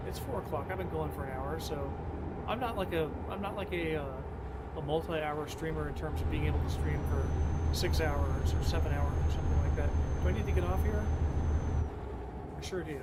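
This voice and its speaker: A man with a slightly high voice streams a driving game and chats as he goes. He rambles to himself and to his viewers in a casual way. Loud noise sits behind his voice the whole time. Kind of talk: casual live-stream commentary while playing.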